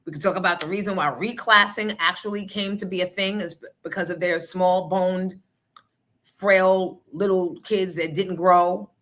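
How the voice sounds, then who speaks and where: A woman hosting a morning show, telling stories in a blunt, profane, animated way. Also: on the low side, normal speed. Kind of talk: casual opinion talk.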